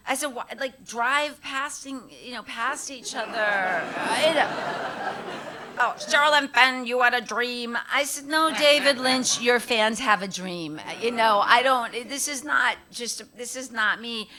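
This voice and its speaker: A woman's voice: on the high side, unhurried. A middle-aged woman, a guest at a live Q&A, telling stories casually with frequent laughter and acted-out quotes. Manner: animated, laughing often, acts out quoted voices. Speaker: guest actress at a Q&A. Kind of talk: casual storytelling on stage.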